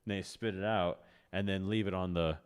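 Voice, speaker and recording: A man's voice: deep voice, steady tone, moderate pace, clean tone. A man co-hosting a podcast in casual comedic chat, rambling with lots of "like" and restarts. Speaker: podcast co-host.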